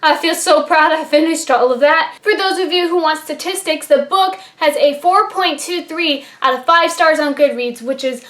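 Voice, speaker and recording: Woman, high voice, gushing, enthusiastic, casual book review, echoey room. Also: normal speed, hardly any pauses, a bit bright.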